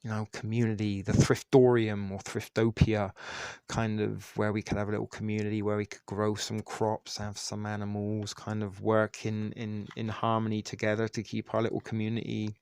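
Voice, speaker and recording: A man hosting a casual live stream, talking in a loose, rambling way full of ums and restarts. His voice sits low with a gravelly edge, and the sound is dry and close to the mic. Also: monotone, moderate pace, darkish tone, dry recording. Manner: rambling, many fillers and restarts. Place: Toronto.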